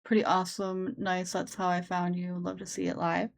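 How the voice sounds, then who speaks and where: A woman streamer chatting loosely with her viewers, her voice sitting a bit low. She rambles, circling back with fillers and restarts as she thinks aloud. Her sensitive desk mic catches her up close. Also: completely flat delivery, moderate pace, gravelly. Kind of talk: casual live-stream chat. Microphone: sensitive desk microphone.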